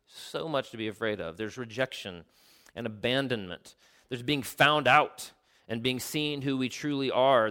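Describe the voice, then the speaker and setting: Animated male preacher telling stories. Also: medium pitch. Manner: animated storytelling, explains the original Greek; drops to a quiet, slow voice for emphasis. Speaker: pastor. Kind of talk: sermon.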